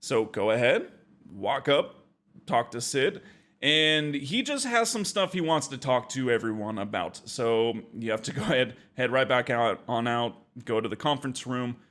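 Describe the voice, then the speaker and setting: A man co-hosting a relaxed gaming podcast, his voice sitting at an ordinary middle pitch. He talks through the game casually and laughs easily. He grows animated when he jokes. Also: normal speed. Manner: laid-back, chuckles often, gets animated when joking. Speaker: podcast co-host. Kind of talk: casual game walkthrough chat.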